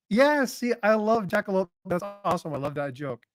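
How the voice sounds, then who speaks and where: A man's voice: sits high, very animated, normal speed, no room sound, clean studio sound, faint music behind. A man hosting a casual livestream chat, greeting viewers by name in a folksy, joking way. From North Carolina. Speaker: livestream host.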